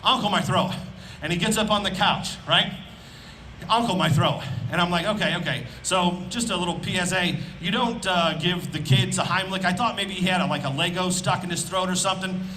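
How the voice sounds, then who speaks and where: A man from Indiana works an outdoor festival crowd with a stand-up set, his voice pitched high and bright with a forceful edge. He talks loud and animated, throwing some punchlines out as shouts into a handheld stage mic. Faint outdoor ambience sits behind him. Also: brisk, slight background noise, rough recording. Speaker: stand-up comedian.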